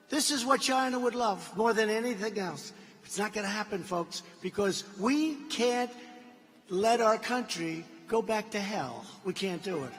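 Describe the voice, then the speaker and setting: A man's voice: sits high, sharp tone. Emphatic man giving a rally speech. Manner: boastful, emphatic, mocking asides. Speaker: political speaker at a rally. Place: large indoor arena. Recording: long reverb of a big arena.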